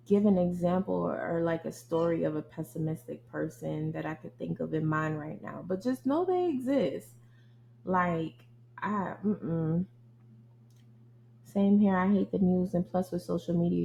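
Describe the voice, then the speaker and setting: A woman's voice: fairly low pitch, vocal fry, a little hiss or hum, low-quality recording. A young woman hosting a podcast, venting bluntly and with lots of profanity in a casual rant. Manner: blunt, profane, animated venting, addresses listeners as y'all. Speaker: podcast host. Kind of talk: casual ranting monologue.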